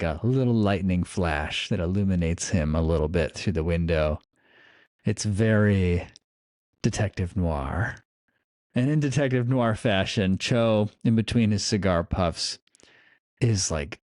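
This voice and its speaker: A man runs a tabletop game, chatting and narrating in loose, rambling sentences full of fillers. His voice is on the low side, and the recording is dry and close. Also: a little slow, dry recording. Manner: rambling, filler-heavy, animated. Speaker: game master. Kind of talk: casual chat and game narration.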